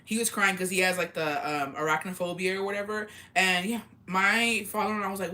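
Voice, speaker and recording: A woman's voice: mid-range voice, fairly even intonation, a little fast, pushed and bright. A young woman chatting casually on her vlog, telling family stories with lots of swearing and laughter. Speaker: vlogger. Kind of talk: casual storytelling chat.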